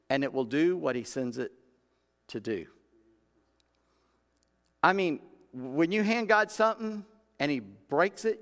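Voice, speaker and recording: Here a pastor's voice is a little high and fairly bright as he gives a sermon in a church sanctuary. His storytelling is folksy, with the voices in his quotes acted out, and the room adds a long hall reverb.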